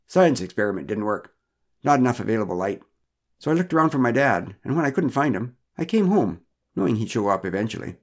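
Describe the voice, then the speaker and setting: A man's voice: mid-range voice, sing-song, fairly quick. A man voicing a matter-of-fact teenage daughter in a storybook reading.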